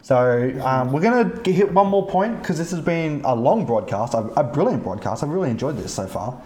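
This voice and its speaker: A man hosting a podcast, telling gaming stories in an animated, profane way and acting out the other players. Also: fairly high pitch, a little fast, echoey room, faint music behind. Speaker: podcast host. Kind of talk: casual storytelling chat.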